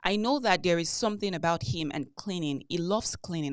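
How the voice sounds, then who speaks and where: A woman co-hosting a podcast, talking casually and animatedly, putting real weight on her words. Her voice sits a little low for a woman. The sound is dry and close, with no room around it. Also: moderate pace, dry recording. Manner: animated, retells arguments with heavy emphasis. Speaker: podcast co-host. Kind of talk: casual chat.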